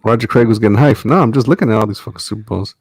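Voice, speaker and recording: Brief: male podcast co-host, low gravelly voice, halting delivery full of swearing, dry close sound. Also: no room sound. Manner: hesitant, swears a lot, laughs often. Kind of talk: casual sports chat.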